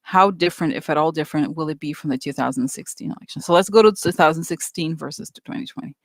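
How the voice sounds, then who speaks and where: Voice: mid-range voice, fast talker, no room sound. Rambling psychic reader with a dry voice. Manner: rambling, animated, lots of fillers and quoted voices. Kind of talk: casual commentary.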